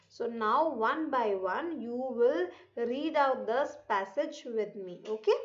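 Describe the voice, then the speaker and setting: A woman teacher with an Indian accent reads a children's passage aloud, repeating each line. She talks slowly and deliberately, spelling out words and stressing sounds. The voice sits a bit high and the recording is dull and lo-fi. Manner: slow, careful pronunciation drills. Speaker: English teacher. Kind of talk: reading lesson for children.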